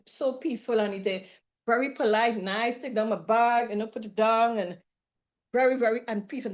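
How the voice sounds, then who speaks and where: A woman with a medium-pitched voice, recorded with the highs cut off, shares a story from a trip she was on. She's lively and laughs often, casually acting out the voices of the people she quotes.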